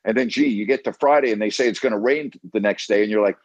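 A man's voice: mid-range voice, lively intonation, fast, few pauses, a little mellow, dry recording, dull audio. A man hosting a call-in sports radio show, blunt and emphatic, who keeps repeating himself to press his point.

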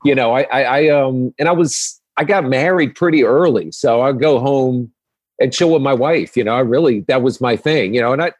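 A man's voice: mid-range voice, normal speed, no room sound. Laid-back man, dry close sound. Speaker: podcast guest, comedian. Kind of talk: casual conversation.

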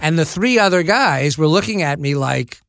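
A man's voice: a little high, lively intonation, moderate pace, creaky, a bit bright, no room sound. An older man, an actor guest in a studio interview, telling self-deprecating anecdotes and acting out what people said. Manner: self-deprecating, acts out quoted dialogue. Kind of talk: anecdotal storytelling in a podcast interview. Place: podcast studio.

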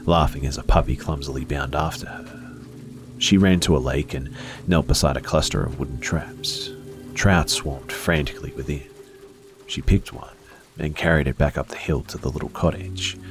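A man with an extremely low, deep voice reads a horror story as scripted narration. He takes his time and often sinks into a hushed near-whisper. Faint music runs behind him.

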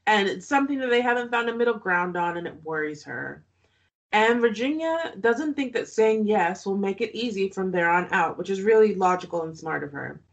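A woman's voice: mid-range voice, lively intonation, moderate pace, dull audio. A woman co-hosting a podcast, recapping a reality show in casual chat, often laughing and making sarcastic asides.

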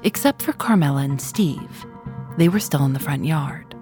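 A woman narrates a true story in measured, scripted documentary style. Her voice sits very low, with music clearly playing behind her. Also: animated. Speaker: narrator and interviewer.

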